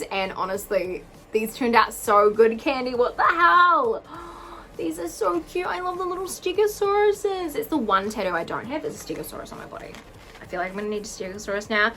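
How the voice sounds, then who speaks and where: A young woman in her twenties unboxing earrings on a casual vlog, gushing and gasping with excitement. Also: on the high side, moderate pace, a little hiss or hum, poor audio. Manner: gushing, excitable, gasps and squeals often. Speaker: vlogger unboxing jewellery. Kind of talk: casual chat to camera.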